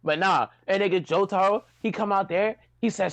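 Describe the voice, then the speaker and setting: A man co-hosting a casual stream, telling stories in an animated, slangy and playful way. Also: high voice, moderate pace, hardly any pauses. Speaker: stream co-host. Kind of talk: casual hyped chat.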